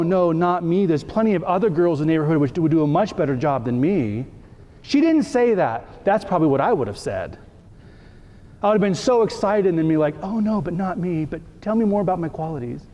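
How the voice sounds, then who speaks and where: A man's voice: high voice, a little mellow. A male priest giving a conversational sermon, acting out short everyday dialogues for his congregation. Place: church. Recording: reverberant church hall.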